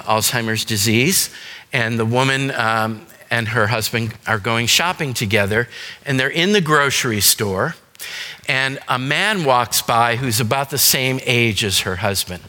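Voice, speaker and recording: Bright-voiced man lecturing in an echoey hall. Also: medium pitch, a little slow. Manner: conversational, explanatory, with frequent "um" and "you know". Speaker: seminar speaker on dementia caregiving. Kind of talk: church seminar lecture. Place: church seminar room.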